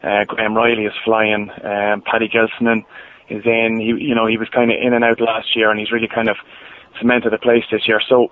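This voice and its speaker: A man's voice: fairly low pitch, completely flat delivery, fairly quick. A man from Ireland, a guest footballer, talking easygoingly with many fillers and restarts over a phone line. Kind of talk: casual interview over the phone. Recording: dry, tinny phone line.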